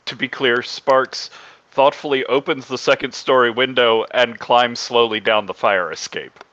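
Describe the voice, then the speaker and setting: A player chimes in to set the record straight, his tone dry and amused. His voice is bright, but the sound comes through muffled and lo-fi. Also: mid-range voice, fairly even intonation, a little slow. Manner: dry, correcting the story with humor.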